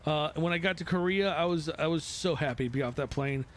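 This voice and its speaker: A man's voice: fairly high pitch, fairly quick. A man hosting a flight sim live stream, talking casually in a rambling way with self-mocking asides.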